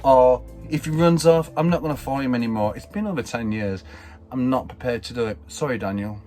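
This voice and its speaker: A man's voice: mid-range voice, a little mellow, faint music behind. A middle-aged man vlogging, telling a story in a rambling, exasperated way. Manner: rambling, exasperated, quick asides. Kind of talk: casual vlog storytelling.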